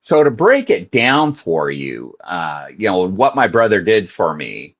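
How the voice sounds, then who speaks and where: Middle-aged male guest, storyteller, lively swooping delivery, slightly dull lo-fi sound. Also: low-pitched, a little slow. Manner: animated storyteller acting out both sides of a phone call. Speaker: podcast guest. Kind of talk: storytelling in an interview.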